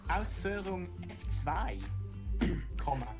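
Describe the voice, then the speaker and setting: A woman reads game text aloud on a stream, giggling and slipping in dry asides. Her low voice rises and falls a lot, with clear music underneath. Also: animated, takes it slowly, darkish tone. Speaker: co-host reading game text.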